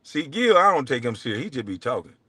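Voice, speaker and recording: A man's voice: big pitch swings, fast, breathy edge, no echo. Blunt, profane man ranting. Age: middle-aged. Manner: profane, blunt, jumps between low mutters and loud outbursts. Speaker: show host. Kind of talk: heated livestream rant.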